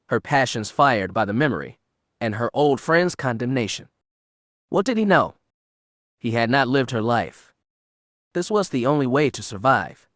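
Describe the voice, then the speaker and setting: A man reads an audiobook in a steady, measured way. His voice is medium-pitched, and the recording is clean studio sound with no echo.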